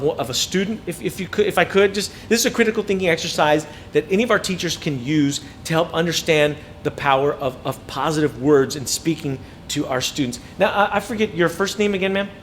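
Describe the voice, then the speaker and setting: Animated high-voiced male motivational speaker. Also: brisk, a little hiss or hum. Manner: animated, acts out students' voices. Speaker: inspirational speaker. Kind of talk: motivational talk to teachers.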